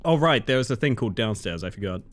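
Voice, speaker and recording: A man streaming a game live, chatting to his viewers in a casual, excitable way and often breaking into laughter. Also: mid-range voice, quick pace.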